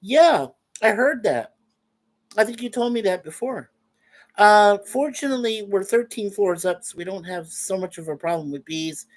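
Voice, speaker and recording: A man's voice: high-pitched, lively intonation, normal speed. Chatty older man hosting a livestream. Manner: chatty, reads viewer messages aloud, chuckles often. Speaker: host. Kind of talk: casual livestream chat. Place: at home.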